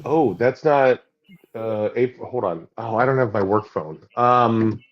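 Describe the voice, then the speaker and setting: A man's voice: lowish voice, measured pace. Hesitant male guest, slightly dull sound. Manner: hesitant, many fillers, laughs easily. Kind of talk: casual chat.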